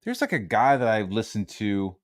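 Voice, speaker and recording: A man hosting a casual, profanity-heavy chat about a video game, animated and acting out quoted voices. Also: on the low side, normal speed, dry recording, studio quality. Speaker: host.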